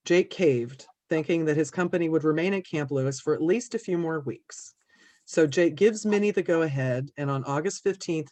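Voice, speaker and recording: Woman narrating local history calmly. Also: low-pitched, dry recording. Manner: calm, explanatory, with small fillers. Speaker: museum presenter.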